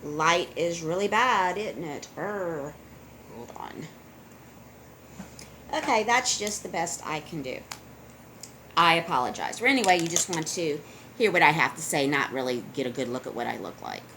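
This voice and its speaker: A middle-aged woman telling a personal story to her camera, chatty and earnest, with an animated, conversational delivery. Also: deep voice, moderate pace, pauses often, a little hiss or hum. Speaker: vlogger. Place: dim room at home.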